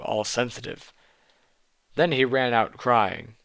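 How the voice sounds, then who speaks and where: A man's voice: mid-range voice, measured pace. A man giving a mock-earnest dramatic reading of fan fiction, dropping into dry muttered asides. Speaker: reader.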